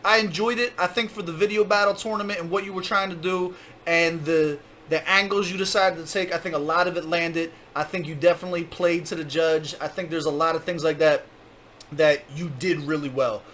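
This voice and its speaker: A man's voice: fairly high pitch, fairly even intonation, fairly quick, a bit bright, a little hiss or hum. A man reacting to a rap battle as host, casual and hyped, heavy on slang and "like.". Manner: casual slang, hyped, says "like" and "my guy" a lot.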